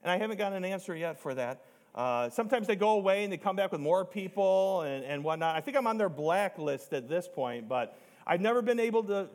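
Pastor, male, fairly high voice, emphatic sermon delivery with slowed-down stresses. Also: lively intonation. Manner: emphatic, rising to near shouts on key points; slows down to stress key words.

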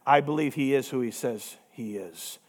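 A man's voice: mid-range voice, moderate pace. A pastor preaching a sermon, emphatic and direct, asking rhetorical questions and acting out the people he quotes.

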